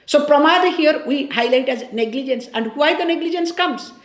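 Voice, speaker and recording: A woman with a high, light voice gives a spiritual teaching on scripture. She talks conversationally, pausing to check that her listeners follow and restating her key phrases. The sound is roomy, with a clear echo around her. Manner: corrects and repeats key phrases. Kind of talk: scripture discourse.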